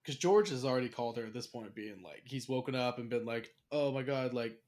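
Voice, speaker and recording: A man's voice: medium pitch, fast, darkish tone. A young man hosting a casual chat, retelling a show's plot in a rambling, profane way and acting out the characters' lines. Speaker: podcast host.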